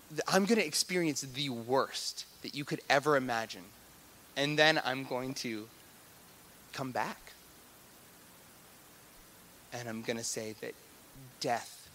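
A man preaching a sermon, animated and repetitive, swinging between loud emphatic passages and hushed, soft-spoken stretches. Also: mid-range voice, slight background noise.

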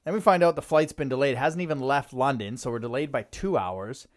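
A chatty man from Canada hosts a casual podcast, spinning a long story and laughing along the way. His voice sits at an ordinary middle pitch. The recording is dry and close, with almost no room sound. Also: a little fast, no room sound. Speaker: podcast host.

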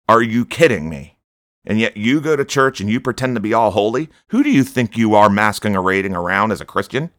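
A man's voice: fairly low pitch, expressive, fairly quick, fairly bright tone, no room sound, clean studio sound. A man preaching a stern, scolding sermon on his podcast, rebuking his listeners.

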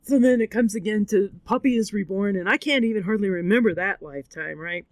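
A woman's voice: medium pitch, brisk, no room sound. A woman hosting a podcast, recapping a movie in casual talk, candid and tearful, with frequent swearing. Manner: candid and expressive, swears freely, acts out voices. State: tearful, crying. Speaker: podcast host.

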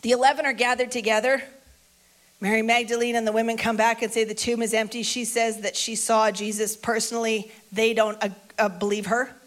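A woman preacher with a fairly high voice tells a Bible story in an informal, conversational way. She repeats key lines for emphasis and keeps the tone chatty. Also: level tone, fairly quick.

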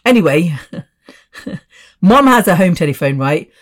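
A woman's voice: fairly low pitch, expressive, a little slow. A woman in her fifties hosting her own podcast, chatty and rambling with asides. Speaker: podcast host. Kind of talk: casual solo podcast chat.

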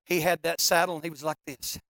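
A preacher telling a funny story in a sermon, folksy and animated, now and then breaking into shouts. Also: mid-range voice, fast talker, gravelly, no echo, studio quality.

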